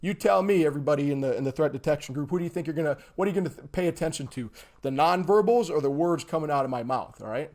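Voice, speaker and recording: Guy teaching on a livestream, pretty emphatic, acts stuff out, voice a bit on the high side, always going "okay? all right?". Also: racing. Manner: animated, acts out examples. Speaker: instructor. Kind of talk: livestream lesson.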